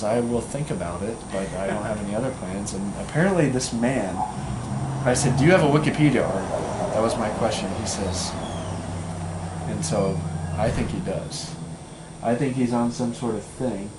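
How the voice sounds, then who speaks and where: A man's voice: lowish voice, normal speed. A young man casually telling a long story, full of fillers and acted-out quotes. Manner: rambling, full of fillers, acts out quoted voices. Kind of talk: casual anecdote. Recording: echoey room with loud background noise.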